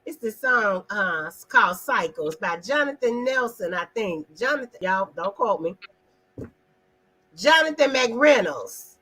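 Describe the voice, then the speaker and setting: A woman's voice: mid-range voice, animated, unhurried, pushed and bright, breathy edge, poor audio. A woman hosting an online live talk, speaking emphatically in a casual, preachy way and addressing viewers in the chat. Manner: emphatic, preachy, asks the audience questions; talks directly to viewers in the chat.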